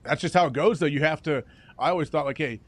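This is a male co-host on a sports talk show. His voice is slightly high. He works through his points casually and uses lots of fillers. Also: fast. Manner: relaxed, explaining with fillers. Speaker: co-host, former football player.

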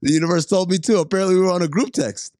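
A man's voice: rapid-fire, dry recording, studio quality. A man co-hosting a podcast, telling a story in casual chat and acting out the dialogue. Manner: animated storyteller, acts out dialogue in higher voices. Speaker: podcast co-host.

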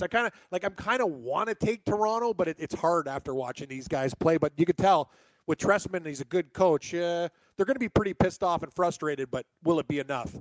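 A man's voice: fairly high pitch, a little fast, dry recording. A man co-hosting sports radio, chatty and agreeable, teasing his co-hosts. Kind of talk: casual sports radio chat.

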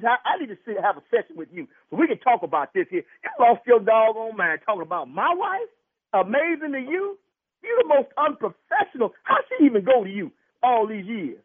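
A man's voice: extremely high pitch, sing-song, fairly quick, husky, dry recording. Indignant man on a tinny phone line. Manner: indignant, repeats himself, increasingly angry. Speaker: prank call target. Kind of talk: heated phone argument.

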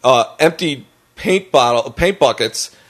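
A man's voice: medium pitch, animated, measured pace, a bit bright. An American man hosting a podcast, telling a rambling story in casual chat, laughing often and acting out quotes. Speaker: podcast host.

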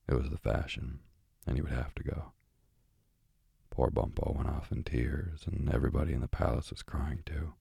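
A man's voice: rumbling low, vocal fry, mellow, breathy edge, dry recording, studio quality, exaggerated voice. Polynesia, chatty old parrot, read by a man.

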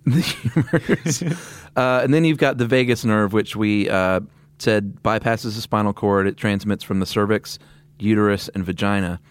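A man's voice: fairly low pitch, fairly even intonation, normal speed, hardly any pauses, clear, resonant tone, no echo. A man co-hosting a podcast in casual chat, wry and teasing, often laughing as he tells stories. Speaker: podcast co-host.

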